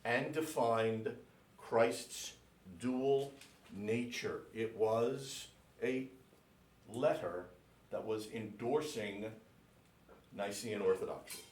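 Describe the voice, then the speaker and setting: A priest giving a classroom lecture, speaking slowly and deliberately and spelling out names letter by letter for his class. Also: fairly low pitch, darkish tone. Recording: echoey room, mic at a distance.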